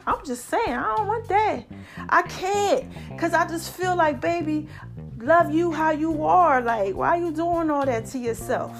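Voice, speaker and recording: A woman hosting her own podcast in a casual monologue, chatty and animated, laughing often and calling her listeners y'all and baby. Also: extremely high pitch, measured pace, soft background music. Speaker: podcast host.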